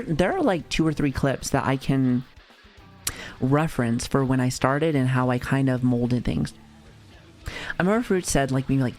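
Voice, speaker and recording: Rambling, foul-mouthed male streamer. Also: medium pitch. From United States. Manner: rambling, profane, chatty, with many fillers and restarts. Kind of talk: casual livestream chat reacting to chat.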